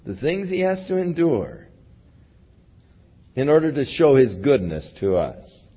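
A male pastor delivering a sermon with emphatic swings between booming declarations and hushed passages. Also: huge pitch swings, a little slow, slightly rough. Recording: dull lo-fi recording.

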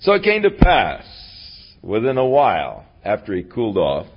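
A man's voice: fairly low pitch, huge pitch swings, moderate pace, husky, lo-fi sound. A man teaching a Bible lesson as a folksy, conversational retelling. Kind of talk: casual Bible lesson storytelling.

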